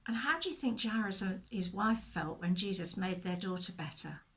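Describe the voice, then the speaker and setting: A woman leading a children's church talk, telling a Bible story in a gentle, expressive way and asking questions, recorded for video. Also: mid-range voice, moderate pace.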